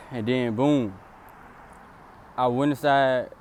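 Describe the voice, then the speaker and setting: A man's voice: steady tone, unhurried, darkish tone, a little hiss or hum. A young man casually recounting a story outdoors in a rambling, repetitive way. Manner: rambling, repetitive "then boom" narration.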